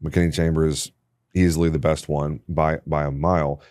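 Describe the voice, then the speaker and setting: A man's voice: extremely low pitch, little pitch movement, normal speed, darkish tone, no echo. A man hosting a podcast in a studio, speaking with emphatic enthusiasm. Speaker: podcast host. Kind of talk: casual conversation.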